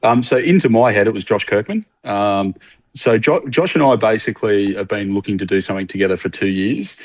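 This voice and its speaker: An Australian man with a lowish voice, speaking as a podcast guest. He hesitates often and restarts his sentences. The recording is dry and close, with no room sound. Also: no echo. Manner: halting, many ums and restarts. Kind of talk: casual podcast interview.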